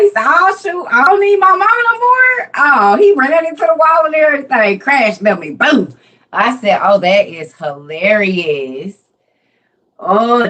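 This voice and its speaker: A woman's voice: medium pitch, rough recording. A middle-aged woman, hosting a casual livestream from home, telling stories with lots of laughter before a Bible message. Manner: animated storyteller, laughs often. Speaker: livestream host and Bible teacher.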